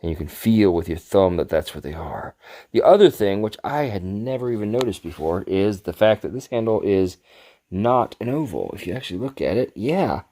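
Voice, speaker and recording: Deep-voiced man rambling about swords. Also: big pitch swings, normal speed, mellow. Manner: rambling, self-deprecating, chuckles at himself. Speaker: sword collector reviewing his gifts. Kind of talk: casual show-and-tell vlog.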